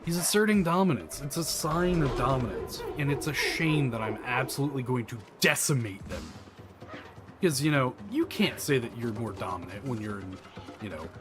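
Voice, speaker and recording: Goofy guy doing game commentary, voice jumps all over, music going behind him. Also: medium pitch. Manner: playful, jokey, mock-grand announcements. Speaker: gaming channel host. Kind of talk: let's play commentary.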